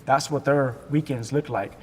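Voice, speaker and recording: A man in his forties from Texas, telling his life story as an interview guest in a halting way, with restarts, acting out the voices of people in it. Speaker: guest sharing his testimony. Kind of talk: emotional personal storytelling in an interview. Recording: long hall reverb with faint rumble.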